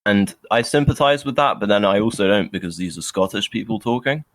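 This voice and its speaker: A man's voice: fairly low pitch, animated, brisk, no room sound. A young British man co-hosting a podcast, chatting casually and ranting in an opinionated, sardonic, rambling way. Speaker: podcast co-host. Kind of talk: casual chat.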